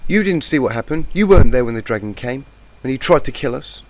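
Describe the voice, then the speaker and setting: A man with a cold voicing a timid, tearful young female pegasus in a high, strained falsetto, over a faint hiss from a poor mic. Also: lively intonation, unhurried. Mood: sobbing distraught. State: has a cold, croaky. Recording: noisy lo-fi mic.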